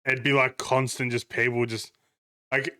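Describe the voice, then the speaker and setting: A man's voice: mid-range voice, level tone, a little slow, pushed and bright, clean tone. Teasing man, mid voice. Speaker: podcast co-host. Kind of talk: casual chat.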